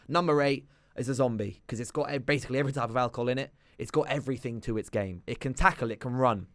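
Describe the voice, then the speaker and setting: A man who is a guest on a radio show in a studio, talking casually in quick lists with many fillers. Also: mid-range voice, no echo.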